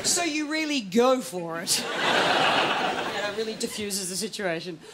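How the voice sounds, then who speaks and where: A woman's voice: mid-range voice, animated, a little slow, over a noisy crowd. A woman comedian doing a stand-up set on a studio stage, giggling and laughing through her lines in a self-mocking way. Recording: loud live audience laughter and noise.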